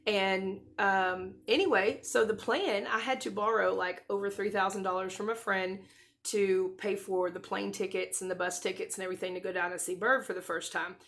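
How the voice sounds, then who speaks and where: A woman in her thirties talking to her camera in a casual, rambling way, with many restarts and soft laughs, close to tears. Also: medium pitch, steady tone, moderate pace. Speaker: vlogger.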